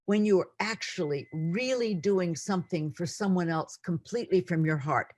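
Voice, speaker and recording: A woman's voice: lowish voice, moderate pace, darkish tone. A middle-aged woman teaching an online class in an earnest, emotional way, often repeating words. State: near tears.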